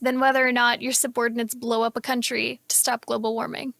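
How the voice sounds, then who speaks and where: A woman co-hosting a podcast from home, making dry, quick ribbing remarks. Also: on the high side, little pitch movement, creaky, fairly bright tone, dry recording. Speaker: podcast co-host. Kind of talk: casual banter. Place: home, remote recording.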